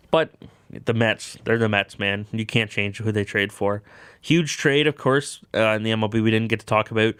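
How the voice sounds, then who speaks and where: A man's voice: medium pitch, a bit bright, clear, resonant tone, no room sound, clean studio sound. A young man hosting a sports talk show, rambling through baseball news and correcting himself as he goes. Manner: rambling, self-correcting, lots of "of course". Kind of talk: casual sports talk monologue.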